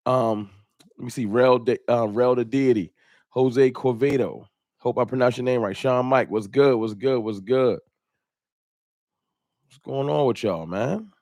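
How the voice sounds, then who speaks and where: A man hosts a live fan talk stream, chatting in a loose, slangy, animated way. His voice sits in a middle range. The sound is dry and close with no room echo. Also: mid-range voice. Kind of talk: casual live-stream chat.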